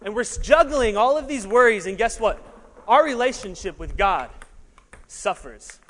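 A man preaching an animated sermon as a pastor, laughing at himself and sometimes short of breath. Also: sits high, a little slow, soft background music. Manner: animated, laughing asides, juggling while preaching. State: out of breath at times. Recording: long hall reverb.

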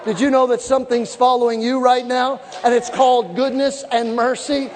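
A man preaching a sermon with fervent shouting and call-and-response to the congregation, recorded in a large church hall. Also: very high voice, flat delivery, moderate pace, a little hiss or hum. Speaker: pastor. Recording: echoey hall with live congregation.

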